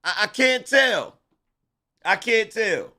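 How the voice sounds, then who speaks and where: A man's voice: high-pitched, animated, takes it slowly, pushed and bright. A man in his forties or fifties hosting a commentary channel, reacting to a clip in casual, slangy talk and laughing a lot. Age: 40s to 50s.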